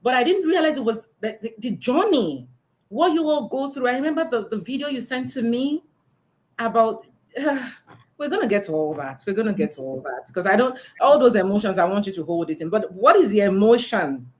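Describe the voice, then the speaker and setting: Female host, lively and upbeat, animated pitch, video-call interview. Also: fairly quick. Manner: lively, laughing, encouraging. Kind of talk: virtual book launch interview.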